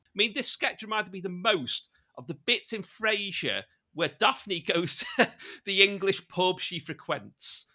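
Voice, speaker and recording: A man on a podcast video call who talks slowly and sounds amused. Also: high voice, expressive, bright, forceful tone. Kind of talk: casual podcast chat.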